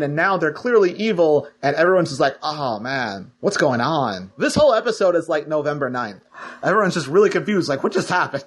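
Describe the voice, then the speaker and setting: A man in relaxed, joking podcast chat with a slightly high voice. He rambles loosely with plenty of fillers, riffing and paraphrasing characters as he goes. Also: a little fast, slightly rough. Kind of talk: casual chat.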